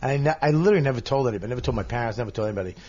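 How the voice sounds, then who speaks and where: Earnest man telling a halting story. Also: mid-range voice, dull audio, background noise. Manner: earnest, halting, with many restarts. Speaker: radio host and podcast guest. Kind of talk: casual storytelling chat.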